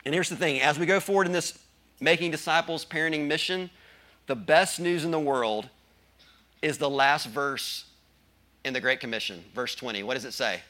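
Guy preaching, keeps asking the church questions, kinda high bright voice. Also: normal speed. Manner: emphatic, asks the congregation questions. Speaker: pastor. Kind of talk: sermon.

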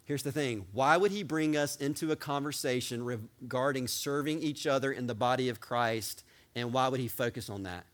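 A man preaching a sermon as pastor, talking with excited energy that rises at times into yelling. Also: medium pitch, moderate pace.

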